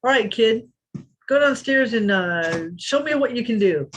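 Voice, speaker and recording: A woman's voice: on the high side, animated, measured pace, slight background noise, pitched above the performer's own voice. A woman voicing a brusque male stunt coordinator who jokes bluntly and calls her kid. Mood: gruff, teasing.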